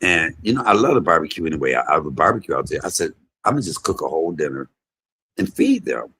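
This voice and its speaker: Husky low-voiced man telling stories. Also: quick pace. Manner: animated, loud imitations of his mother. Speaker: comedian and vlog host. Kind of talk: casual storytelling monologue.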